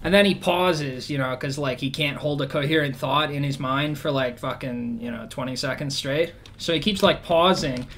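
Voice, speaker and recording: A man talks in a loose, rambling rant, cursing freely and dripping with sarcasm. His voice sits a little high for a man. A faint hiss of noise runs under the recording. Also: a bit bright. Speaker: vlogger. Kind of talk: casual rant.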